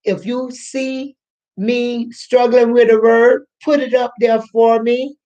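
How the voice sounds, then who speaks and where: A woman's voice: a little high, fairly even intonation, mellow, highs cut off. An older woman hosting a live stream, talking to her viewers in an emotional, near-tearful way and calling them honey. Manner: slow, emotional, near tears. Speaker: channel host.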